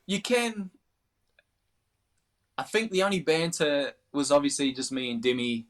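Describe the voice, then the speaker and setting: A man's voice: a little high, expressive, unhurried. An Australian man chatting casually as an interview guest, rambling with many restarts. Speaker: interview guest, darts player.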